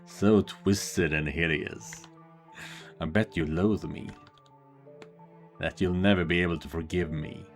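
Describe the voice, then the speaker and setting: A man reading a cruel, mocking lord from a game, slow and gloating. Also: low voice, steady tone, soft background music. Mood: gloating cruelty. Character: cruel sneering male lord, mocking and sadistic.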